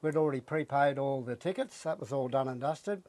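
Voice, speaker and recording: A middle-aged Australian man, an interview guest, telling his story with animated flair and acting out his own lines. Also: medium pitch, fairly quick, no room sound. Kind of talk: casual interview.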